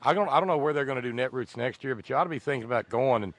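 A man's voice: mid-range voice, rapid-fire, a bit bright, no echo. A man as a guest in a casual chat, telling stories in a rambling way with many restarts. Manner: rambling, chuckling storyteller who restarts often.

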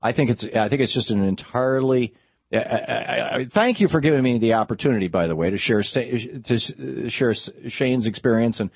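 A man hosting a call-in radio talk show, talking in animated bursts with stammering restarts. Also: mid-range voice, a little fast, gravelly, husky, no room sound, lo-fi sound.

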